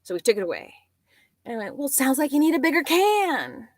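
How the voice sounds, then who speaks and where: A woman guest chatting casually, telling a story and acting out the dialogue in lively voices. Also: high-pitched, brisk, no room sound. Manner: animated, acts out quoted dialogue.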